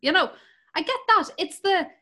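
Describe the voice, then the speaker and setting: Irish woman, high bright voice, bawdy casual storyteller. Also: animated, normal speed. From Ireland. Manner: bawdy, laughs through her stories.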